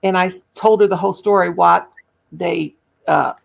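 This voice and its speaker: A woman's voice: lowish voice, fairly even intonation, normal speed, vocal fry. A woman, hosting a livestream and telling stories in a chatty, folksy way, full of endearments. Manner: chatty, folksy, uses endearments like baby doll and sugar. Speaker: channel host. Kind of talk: casual storytelling on a livestream.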